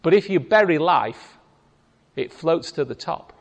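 A man's voice: a little high, expressive, measured pace, vocal fry. A man preaching a sermon as pastor, speaking emphatically and firing rhetorical questions at the congregation in a church. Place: church hall. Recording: long reverb of a large hall.

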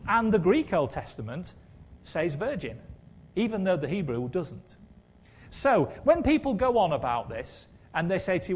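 A man's voice: high voice, sing-song, moderate pace, breathy edge. A man preaching a sermon in a conversational way, with wry humour and rhetorical questions.

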